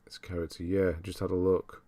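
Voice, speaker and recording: A man's voice: low voice, monotone, fairly quick, mellow. A man casually chatting on a livestream, thinking aloud and laughing as he reads through viewers' lists. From United Kingdom. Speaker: streamer.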